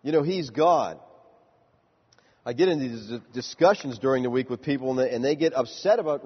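A man preaching a sermon, emphatic, climbing higher to stress his points. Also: animated, brisk, breathy edge. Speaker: pastor. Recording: muffled sound with long hall reverb.

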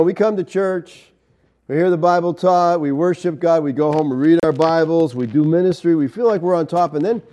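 A man's voice: fairly high pitch, warm tone. A man teaching a Bible study as a sermon, in a conversational way, often checking in with "okay?" and "you know".

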